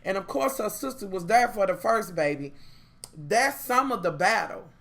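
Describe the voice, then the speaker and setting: A woman's voice: medium pitch, normal speed. A woman reviewing a TV show in a casual chat, blunt and profane, talking straight to her viewers. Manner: animated, opinionated.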